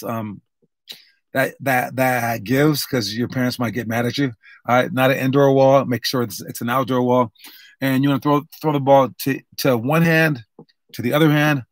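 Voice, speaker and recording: A man's voice: mid-range voice, no room sound, studio quality. Rambling upbeat male basketball coach. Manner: rambling, upbeat, many fillers and restarts. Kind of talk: casual instructional talk.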